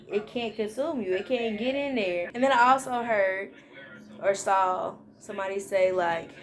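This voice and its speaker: In a mid-range voice, a young adult woman vlogs a casual movie review. Her talk is lively and full of slang, and she frequently performs the lines she quotes.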